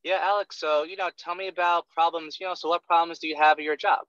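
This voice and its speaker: A man imitating a hesitant, monotone young male sales caller who stammers and fills every pause with ums, on a dull lo-fi recording. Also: on the high side, clear, resonant tone, no room sound, natural voice. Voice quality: flat, robotic, full of ums and stammers.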